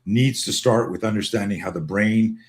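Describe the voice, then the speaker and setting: Speaking at a normal pace in a voice on the low side, this Canadian American man co-hosts a casual video call conversation. He rambles and stresses his points emphatically, often restarting his sentences.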